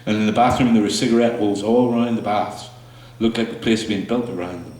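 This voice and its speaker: A man with a low voice reads his spoken word poetry to a small audience. His delivery is slow and halting between pieces, full of small fillers and restarts. He sits some way from the mic, and the small room rings with a strong echo. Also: fairly even intonation, darkish tone. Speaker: poet performing his work. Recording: echoey room, mic far off.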